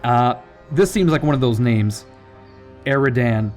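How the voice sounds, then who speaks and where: A man's voice: medium pitch, measured pace, darkish tone, faint music behind. A man giving casual gameplay commentary, rambling off on jokey tangents with profane asides. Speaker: let's play commentator.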